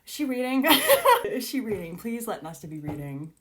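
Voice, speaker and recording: A young woman reacting to a book as she reads, gushing and giggly, teary with excitement, exclaiming often. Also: fairly high pitch, fairly quick, hardly any pauses, background noise. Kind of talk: excited reading reaction chat.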